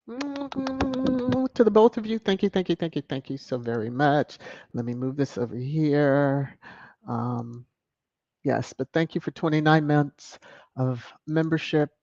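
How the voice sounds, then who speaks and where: A woman hosting a live stream on her channel chats casually as she reads out and thanks viewers for donations, effusive and often laughing. Her voice is low and a little mellow, and the lo-fi recording sounds dull and dry with no room sound.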